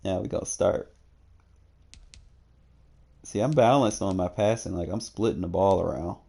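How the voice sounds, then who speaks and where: A man's voice: low-pitched, moderate pace, gravelly, warm tone, slightly rough. A young man casually talking through his football video game stats, laid-back and slangy, often thinking aloud. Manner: laid-back, slangy, talks to himself while checking stats. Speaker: gaming streamer. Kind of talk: casual gameplay commentary.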